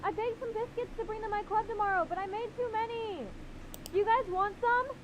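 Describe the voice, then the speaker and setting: A woman voicing a mischievous, excitable young woman in a game, gleeful and sing-song. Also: extremely high pitch, brisk, background noise. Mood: cheery.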